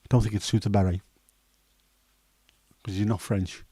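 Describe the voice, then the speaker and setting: A man in his fifties with a Scouse accent and a hoarse throat, hosting a casual chat livestream in a rambling, jokey way with many fillers. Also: lowish voice, level tone, moderate pace, mellow, no echo. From Liverpool, England. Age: 50s. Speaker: livestream host.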